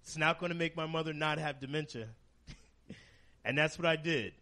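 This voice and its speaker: Brash man doing crude stand-up. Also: moderate pace. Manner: crude, deadpan shock humor with sudden high-pitched outbursts. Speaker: stand-up comedian. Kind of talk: stand-up comedy set.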